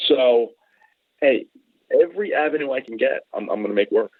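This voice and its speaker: A man's voice: medium pitch, fairly quick, dry recording. A man in a casual chat on a call, telling rambling stories and acting out the people in them. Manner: rambling, animated, acts out other people in quotes. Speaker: podcast guest. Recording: tinny phone line, dry.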